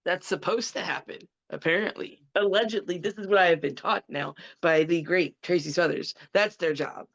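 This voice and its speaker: A woman in her forties, a podcast guest telling a story in a blunt, animated way and swearing freely. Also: on the low side, normal speed, vocal fry, few pauses, highs cut off. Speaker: podcast guest, former wrestler. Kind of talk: casual storytelling.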